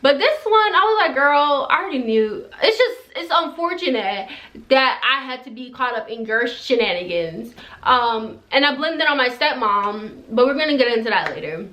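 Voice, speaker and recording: A woman's voice: high voice, lively intonation, moderate pace, pushed and bright. A young woman who moved to the US, chatting through a storytime, rambling and laughing as she goes. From immigrant to the US. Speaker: storytime vlogger. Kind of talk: casual storytelling.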